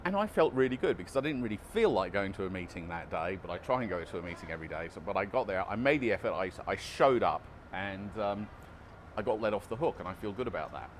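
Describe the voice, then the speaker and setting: A man's voice: on the low side, lively intonation, fast, slight background noise. A man vlogging casually outdoors about recovery, chatty and self-deprecating, often restarting his sentences. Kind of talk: casual vlog monologue.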